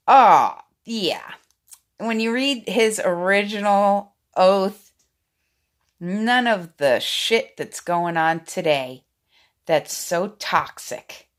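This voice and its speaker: A woman in her forties talking to her phone camera in a rambling, excitable way, swinging from loud outbursts to hushed asides. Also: fairly low pitch. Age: 40s. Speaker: vlogger. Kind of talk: casual talking-head monologue.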